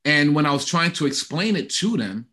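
A middle-aged man, a guest in a conversational interview, sharing a personal testimony in an earnest, animated way. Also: a little high, normal speed.

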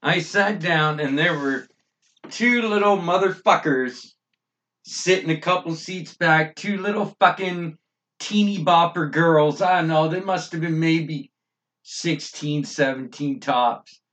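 A man's voice: a little high, fairly bright tone. A man from Canada co-hosting a casual podcast, telling a wry, emphatic story with plenty of swearing. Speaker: podcast co-host. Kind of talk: casual profane chat. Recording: voice a bit far from the mic.

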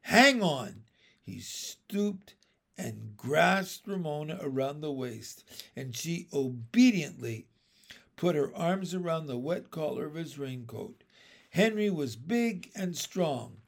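A man narrating a children's book aloud in a measured, expressive storytelling manner. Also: on the high side, creaky.

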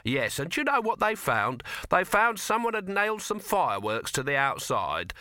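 A man's voice: high-pitched, wildly swooping pitch, moderate pace, bright, forceful tone, no echo, clean studio sound, pitched above the performer's own voice, exaggerated voice. A man voicing a shrewd young man who talks in a pointed, knowing way.

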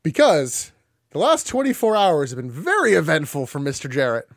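A man's voice: a little high, wildly swooping pitch, normal speed, creaky, dry recording. Sardonic man recapping a wrestling show. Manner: recaps play-by-play, dry and sardonic. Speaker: podcast co-host. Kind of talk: casual wrestling recap chat.

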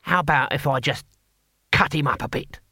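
A man voicing an ancient male barbarian hero who speaks slowly, haltingly and testily in an audiobook. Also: fairly high pitch, bright, forceful tone, husky, dry recording, studio quality, exaggerated voice. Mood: blunt. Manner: halting, slow and testy.

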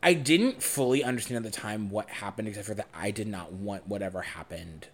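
A young man co-hosting a podcast, telling a personal story in a frank, animated way and swearing freely. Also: lowish voice, brisk, a little hiss or hum. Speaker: podcast co-host.

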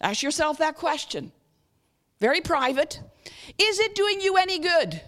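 This guest speaker is a lively, high-voiced woman preaching a sermon. She keeps the audience involved with frequent questions and at times leads a guided reflection, slow and soft.

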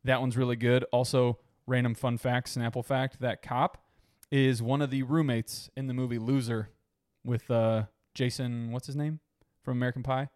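A man chatting on a movie podcast in a loose, animated way, dropping casual swears and quick asides. His voice sits at a middling pitch and sounds dry and close to the mic. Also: no room sound. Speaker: podcast co-host.

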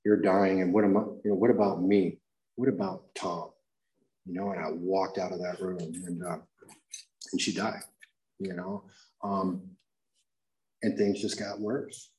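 A man's voice: low-pitched, level tone, measured pace, pauses often, a little mellow. A man telling his personal recovery story to a room full of people in a raw, confessional way. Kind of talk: personal testimony to a live audience. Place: room with an audience. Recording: echoey room.

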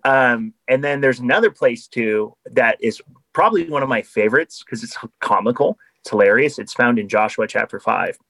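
A man's voice: mid-range voice, expressive, moderate pace, a bit bright, no room sound, low-quality recording. Earnest man explaining on a podcast. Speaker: podcast guest. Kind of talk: casual conversation.

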